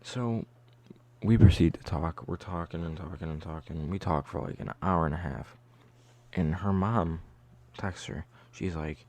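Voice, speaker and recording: A man's voice: sits low, unhurried, a little mellow. A young man telling a casual storytime vlog in a loose, chatty way, leaning heavily on "like". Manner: loose, chatty, heavy use of "like". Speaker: vlogger.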